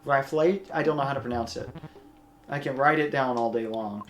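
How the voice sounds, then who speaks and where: Low-voiced woman chatting over gameplay. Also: fairly quick, a little hiss or hum. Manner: chatty, narrates game actions to a partner. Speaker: let's play host. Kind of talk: casual gameplay commentary. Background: faint game music.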